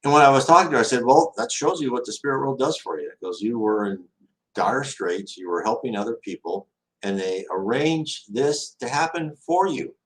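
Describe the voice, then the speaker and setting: A man hosts a question-and-answer talk, answering viewer questions with rambling stories, frequent restarts and acted-out quotes. His voice is medium-pitched and fairly bright at a normal speed, though the recording is low quality.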